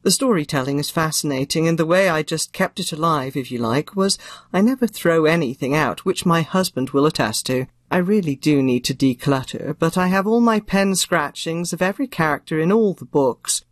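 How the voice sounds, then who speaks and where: An older woman who narrates audiobooks responds to an interviewer, her phrasing crisp and theatrical. Her voice is low and animated, moving at a moderate pace. The recording is dry, without any room sound.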